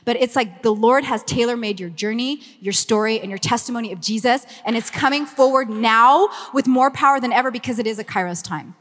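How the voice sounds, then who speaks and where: A woman's voice: fairly high pitch, a little fast, hardly any pauses, a bit bright. A woman in her fifties with a Southern Californian Valley Girl accent, talking chattily and effusively to a church gathering and then praying. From Los Angeles, USA. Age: 50s. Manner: bubbly, effusive, chatty with frequent "like". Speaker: ministry communications director. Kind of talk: church meeting talk and prayer. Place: church meeting room. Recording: long reverb of a hall.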